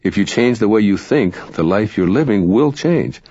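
A man reading spiritual self-help narration in a calm, measured, instructive way. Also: on the low side, husky, no room sound. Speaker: audiobook narrator. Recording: dry, dull lo-fi recording.

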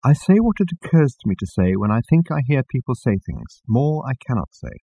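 A man voicing a gentle, vague hermit who muses softly and answers questions with more questions. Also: mid-range voice, sing-song, brisk, vocal fry, breathy edge, pitched above the performer's own voice, heavily acted. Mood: musing. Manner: mild, musing, softly questioning.

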